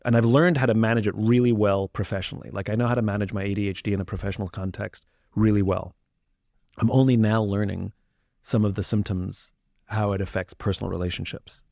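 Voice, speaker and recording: A man's voice: fairly low pitch, vocal fry, a little mellow, no room sound, studio quality. A middle-aged man talking candidly and reflectively as an interview guest, often restarting his sentences.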